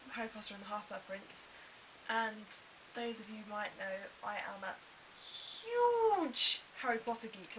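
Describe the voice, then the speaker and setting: A young woman chatting casually to camera, animated and full of quick asides. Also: mid-range voice, distant mic, poor audio. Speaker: vlogger. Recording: faint hiss.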